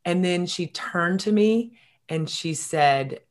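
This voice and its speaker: A middle-aged woman telling stories in a casual interview, animated and quick, with many fillers. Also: fairly low pitch. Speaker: guest.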